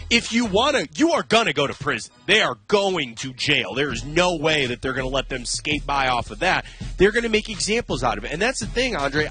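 A man talking sports on the radio with a bright, forceful tone and a slightly raised pitch. He drives his points home emphatically, often repeating himself. Faint music plays under the studio talk.

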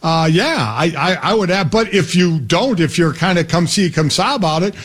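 High-voiced middle-aged man telling stories. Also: lively intonation, normal speed, fairly bright tone, husky. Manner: rambling, self-correcting, laughing storyteller. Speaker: guest dad on a sports radio show. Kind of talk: casual storytelling chat.

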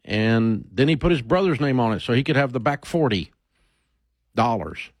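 A man's voice: medium pitch, lively intonation, moderate pace, no room sound. A man hosting an advice talk show, speaking bluntly in a casual way and restarting his sentences as he thinks aloud.

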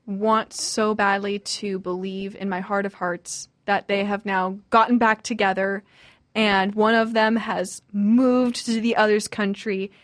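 A woman's voice: medium pitch, fairly bright tone, dry recording, studio quality. A woman in her twenties hosting a radio show, chatting casually and giggling as she reads listener messages. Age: 20s. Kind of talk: casual storytelling chat.

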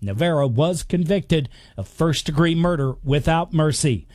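News reporter guy, measured and formal, dry studio, kinda high voice. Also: lively intonation, a little mellow, dry recording.

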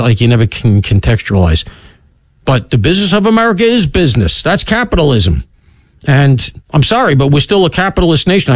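A middle-aged male talk radio host in full monologue, his fairly high voice leaping up and down as he fires off asides. The studio sound is dry and close. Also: dry recording. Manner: animated, swooping pitch, rapid asides.

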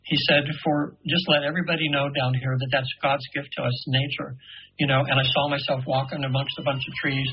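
A man in his seventies, a radio guest telling an earnest, meandering story full of halting restarts. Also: medium pitch, little pitch movement, muffled recording, slight background noise. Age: 70s.

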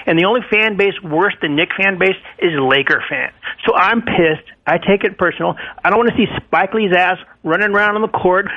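A man's voice: high-pitched, brisk, few pauses. A man calling in to a sports radio show, bitter and trash-talking. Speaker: caller. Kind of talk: call-in rant. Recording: dull phone-line call.

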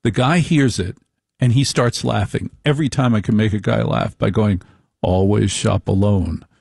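A middle-aged man delivering a slow, deliberate, wry opinion monologue with repeated phrases. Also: medium pitch, gravelly, a little mellow, breathy edge, no echo, studio quality.

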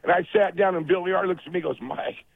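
Gravelly man telling stories over the phone. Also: high voice, rapid-fire, no echo. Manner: animated storyteller, acts out quotes. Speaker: guest, former football player. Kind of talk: casual phone interview storytelling. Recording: tinny phone line.

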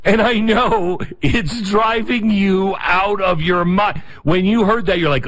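A middle-aged man hosting a talk show, delivering a rapid, sarcastic opinion monologue. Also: sits high, fairly bright tone.

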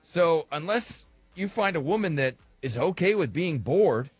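A man co-hosting a casual podcast chat, animated and joking. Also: fairly high pitch, measured pace, husky, no echo, soft background music. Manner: animated, jokes in an old-timey voice. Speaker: podcast co-host.

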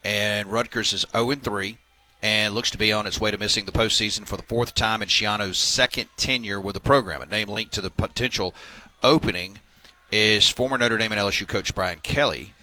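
A man's voice: on the low side, moderate pace, pushed and bright, low-quality recording. A man hosting a sports talk radio segment, reading news items with filler words and wry asides.

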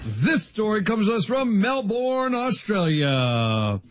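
A man with a high-pitched voice, a regular on a radio show, telling a short odd news story. His delivery is casual and matter-of-fact, with a few fillers along the way. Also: very animated, slow, over music.

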